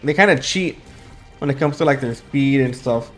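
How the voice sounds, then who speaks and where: A man's voice: medium pitch, moderate pace, a bit bright. Young man, sleepy and dry-throated, casual gameplay chatter, rambling, faint music underneath. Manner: rambling, thinks aloud with fillers and restarts. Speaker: gaming YouTuber.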